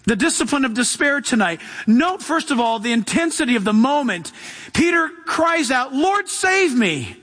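High-voiced, forceful male preacher in a hall. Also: expressive, normal speed. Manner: emphatic, with rhetorical questions and calls to the congregation. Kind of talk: sermon. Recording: long hall reverb.

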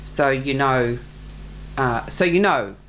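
A woman's voice: rumbling low, takes it slowly, a bit bright, slight background noise, poor audio. A woman who is a retired psychologist, speaking as a guest in a radio studio in a thoughtful, good-humoured way. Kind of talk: casual radio interview.

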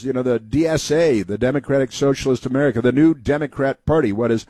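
A man with a medium-pitched, mellow voice talks fast in a casual talk radio monologue, rambling through anecdotes and mocking political commentary as host. There's no room sound.

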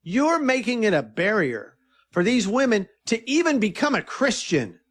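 A middle-aged man with a fairly high speaking voice tells stories in an interview. He is earnest and animated, and he often backs up and restarts his sentences as he goes. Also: normal speed. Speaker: filmmaker guest. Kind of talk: conversational interview storytelling.

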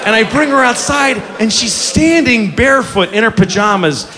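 A male stand-up comic tells his bit in a high, wildly lively voice, animated and profane. Loud crowd laughter and steady noise surround him on a live comedy stage. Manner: animated and profane, with quick shouts. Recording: live club audience, noisy. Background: audience laughter.

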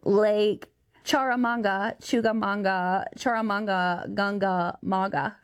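A woman's voice: mid-range voice, fairly even intonation, slow pace, a little hiss or hum. A woman calling a radio show, playfully reading made-up town names. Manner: giggly, jokey mispronouncing. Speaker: guest calling in. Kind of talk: playful phone bit.

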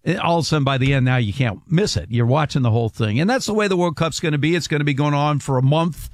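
Brief: middle-aged male radio co-host, talky and explanatory, higher than average, dry close mic. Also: quick pace, no room sound. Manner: chatty, explains sports facts. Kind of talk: casual talk radio chat.

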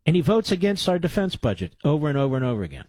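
A man's voice: a little high, sing-song, rapid-fire, mellow, no room sound. A man hosting talk radio, combative and sarcastic, cutting into clips with insults. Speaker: radio talk show host.

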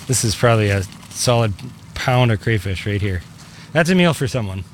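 A man's voice: fairly low pitch, expressive, normal speed, noisy background. A man talking casually about his work harvesting crayfish, easygoing and plainspoken, recorded outdoors on a lake. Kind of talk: casual interview.

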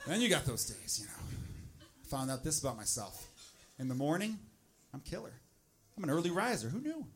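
High-voiced male comic, noisy live recording. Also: big pitch swings, moderate pace. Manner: swings into loud, exasperated acted-out asides. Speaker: stand-up comedian. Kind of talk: stand-up comedy set.

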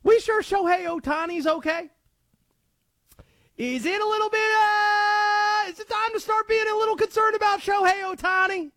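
A radio host putting on a loud, twangy Southern character who calls his accent Cajun, excitable and rambling. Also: extremely high pitch, moderate pace, no room sound, clean studio sound, pitched above the performer's own voice, exaggerated voice. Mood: excited. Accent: put-on Southern, claimed Cajun. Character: Conspiracy Josh, loud twangy southern man.

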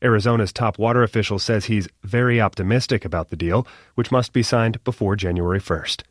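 A man's voice: fairly low pitch, brisk, dry recording. Dry-voiced male station reporter. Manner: clear, even reporting. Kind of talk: radio news report.

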